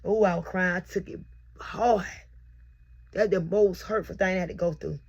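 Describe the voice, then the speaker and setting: The voice here is low, gravelly and husky, a little mellow, with fairly even intonation and a moderate pace. It belongs to a young mother who recorded herself on camera giving a heartfelt, repetitive personal testimony about her birth experience.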